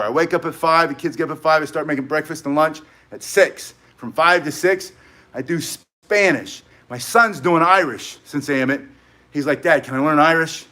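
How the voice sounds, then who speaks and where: His voice on the high side with a sharp tone, a middle-aged man runs a casual live martial arts tutorial. He's chatty and rambling, talking with viewers and straying into tangents.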